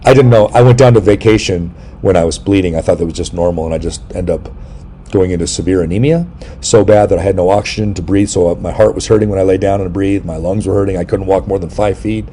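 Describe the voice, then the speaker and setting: A middle-aged man with a fairly low, warm, mellow voice hosts a casual chat, rambling through jokey stories and now and then yelping loudly. A faint hiss of noise sits under his voice. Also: steady tone, quick pace, few pauses. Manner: rambling, jokey storytelling with sudden loud yelps. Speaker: podcast host.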